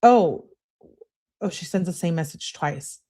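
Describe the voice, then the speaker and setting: A woman's voice: on the low side, lively intonation, a little slow, dark tone. A woman hosting a live stream who gives casual commentary with sarcastic, mocking asides. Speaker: livestream host.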